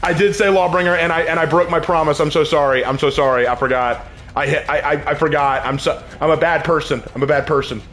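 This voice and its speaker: A man's voice: on the high side, fairly even intonation, fast talker, fairly bright tone. A man streaming a video game, chatting casually to his viewers, rambling and laughing often as he plays. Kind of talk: casual gameplay commentary.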